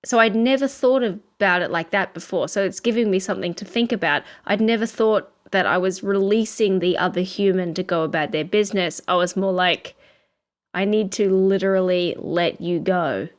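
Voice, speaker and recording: A woman's voice: medium pitch, normal speed. Chatty Australian woman. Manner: chatty storyteller, laughs often. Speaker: podcast co-host. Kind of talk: casual chat.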